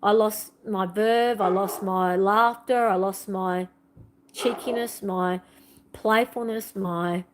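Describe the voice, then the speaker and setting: A woman's voice: medium pitch, fairly even intonation, slow pace, slight background noise. A middle-aged woman giving an earnest, repetitive, confessional monologue in a spiritual vlog, pouring out her feelings. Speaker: spiritual vlogger.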